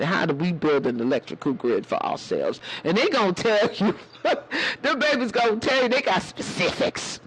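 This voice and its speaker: A man's voice: high voice, fairly bright tone, breathy edge, low-quality recording. A man hosting a casual livestream chat in a sassy way, calling his viewers baby and honey. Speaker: livestream host.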